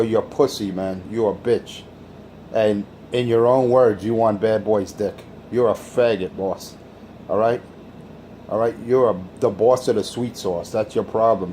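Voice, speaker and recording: A man's voice: lowish voice, mellow, slight background noise. A man hosting a crude, taunting radio rant. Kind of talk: insult-heavy radio rant.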